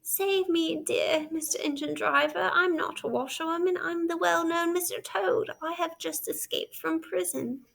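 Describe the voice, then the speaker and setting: A woman's voice: very high-pitched, a little slow, creaky, voice pushed up, exaggerated voice. A woman voicing a blustering male toad who sobs and pleads to get his way. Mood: pleading. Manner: sobbing, pleading.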